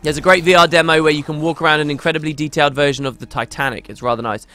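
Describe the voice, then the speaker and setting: A gaming streamer with a fairly high, pushed, bright voice races through casual chat with viewers over soft background music. His intonation stays fairly even as he rambles, talks a lot and keeps interrupting and restarting his own sentences.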